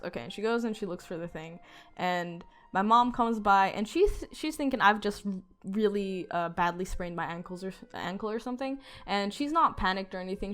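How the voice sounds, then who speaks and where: A woman's voice: medium pitch, animated, brisk, fairly bright tone, soft background music. A woman telling a story in a casual storytime vlog, rambling with lots of fillers and swearing. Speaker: storytime youtuber.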